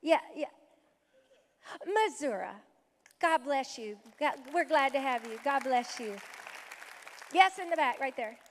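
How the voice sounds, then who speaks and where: Woman pastor, high voice, effusive greeter, reverberant sanctuary with a faint crowd. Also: expressive, measured pace, long pauses, a little hiss or hum. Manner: exuberant, punctuated with praise exclamations. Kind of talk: welcoming visitors from the pulpit. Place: church sanctuary. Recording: reverberant hall with a faint congregation.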